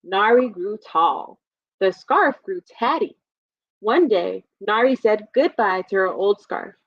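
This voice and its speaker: A woman librarian leading a live storytime for young children, reading aloud and explaining in a gentle, encouraging way. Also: mid-range voice, expressive, slow, dry recording, highs cut off.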